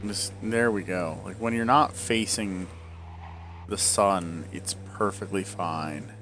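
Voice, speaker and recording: A man's voice: deep voice, takes it slowly, background noise. A man in his forties talking casually over gameplay, rambling off into tangents, hiccuping and speaking around a swollen tongue. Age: 40s. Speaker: gameplay video creator.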